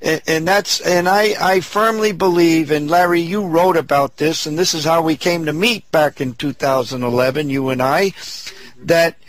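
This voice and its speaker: A man's voice: on the high side, moderate pace, no room sound. A man hosting a political talk show, speaking hesitantly and searching for his words.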